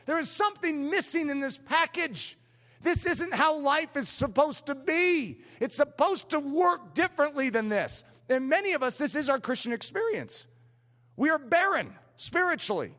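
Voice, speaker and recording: A man delivering a fervent, emphatic sermon in a very high voice. His pitch swings widely from line to line. A long hall reverb trails after his words. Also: very animated, normal speed, bright, forceful tone. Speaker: preacher.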